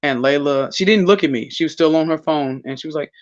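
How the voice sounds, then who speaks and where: Hombre que cuenta historias con calma. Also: male voice, fairly high pitch, fast, lo-fi sound. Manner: rambling storyteller, many restarts. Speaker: podcast guest. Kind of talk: casual chat.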